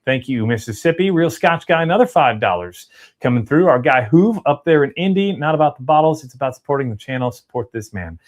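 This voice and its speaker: A man's voice: medium pitch, lively intonation. Upbeat man hosting a livestream. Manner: upbeat, chatty, reads names and donations in quick lists. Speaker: livestream host reading super chats. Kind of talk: casual livestream chat.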